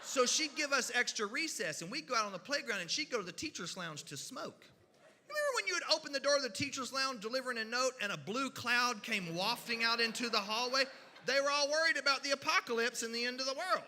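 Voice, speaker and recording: A man's voice: very high voice, long reverb tail, a little hiss or hum. Folksy man telling stories. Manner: folksy, animated, with drawn-out pauses. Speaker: storyteller. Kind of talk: humorous storytelling at a church event. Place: church hall.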